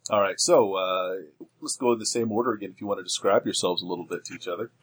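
A man narrating as game master in a tabletop role-playing game, relaxed and full of filler pauses. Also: deep voice, slight background noise.

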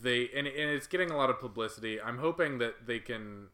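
Bright-voiced hesitant male podcast co-host. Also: medium pitch, a little fast. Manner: hesitant, thoughtful, many "um"s and restarts. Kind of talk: casual chat.

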